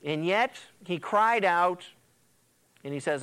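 Male pastor, sermon, smooth clear voice, animated storytelling. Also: high-pitched, normal speed. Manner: animated storytelling preacher, acts out quotes.

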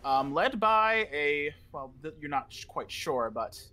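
A man narrating a tabletop game as dungeon master, explaining in a halting way with fillers. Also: on the high side, very animated, bright, forceful tone.

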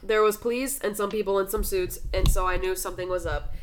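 A woman's voice: medium pitch, fairly even intonation, fast talker, background noise. A woman hosting a casual true crime podcast, swearing often, saying "like" constantly, and tearful as she talks. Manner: casual, swears a lot, fillers like "like". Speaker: podcast host.

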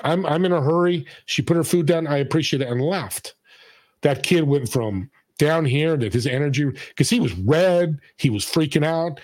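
A man telling a story in casual conversation, acting out the people he quotes with a lively delivery. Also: fairly high pitch, normal speed, no echo. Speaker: podcast host and guest.

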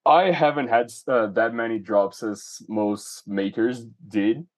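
A man's voice: medium pitch, slow. A man, a toy artist guest, talking casually and thoughtfully with frequent restarts. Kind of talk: casual chat.

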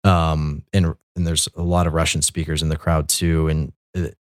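A man's voice: very deep voice, little pitch movement, normal speed, no room sound, clean studio sound. A man, a Catholic military chaplain, telling his story in a loose, rambling way with many fillers and restarts. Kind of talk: conversational storytelling.

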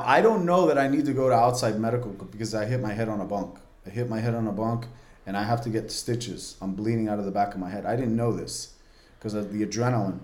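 Brief: man, forties, mid-pitched, candid storyteller with a loose, filler-heavy flow, recorded in a reverberant room. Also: darkish tone. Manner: vivid, earnest, many "like" fillers. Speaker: podcast guest. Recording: roomy, echoey room.

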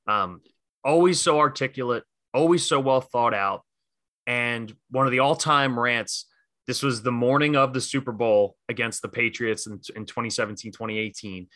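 A man's voice: mid-range voice, normal speed, fairly bright tone, no echo. A man co-hosting a casual sports podcast, talking enthusiastically and rambling with fillers and restarts. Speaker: podcast co-host.

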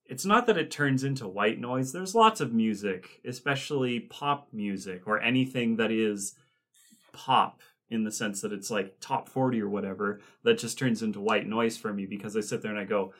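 A man's voice: fairly low pitch, normal speed, fairly bright tone. A man co-hosting a podcast, recapping scenes in casual chat with rambling asides and many fillers. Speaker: podcast co-host.

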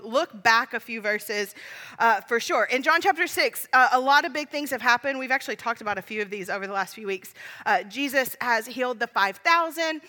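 A woman's voice: a little high, sharp tone, in a large hall. A woman in her thirties preaching a sermon, telling funny family stories in a chatty, self-deprecating way and laughing along.

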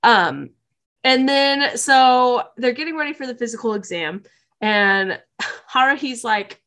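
A woman, co-hosting a podcast and telling an anime plot with lively acted-out quotes and frequent laughter. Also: fairly high pitch, measured pace. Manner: animated storytelling, laughs often, acts out quotes. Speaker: podcast co-host. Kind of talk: casual chat recapping an anime.

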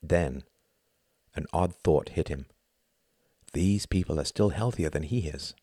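A man narrating a novel as an audiobook in a measured, expressive storytelling manner. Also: extremely low pitch, breathy edge, dry recording, clean studio sound.

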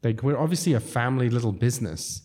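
A restaurant owner, appearing as a guest, tells rambling stories in a casual chat full of laughter. He has a non-American English accent and a mid-range, breathy, dark-toned voice with lively intonation and a quick pace.

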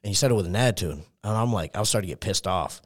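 A man's voice: low voice, lively intonation. A young man with a Texan accent telling a rambling story in casual chat, full of fillers and swearing. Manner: fast rambling anecdote full of fillers and profanity.

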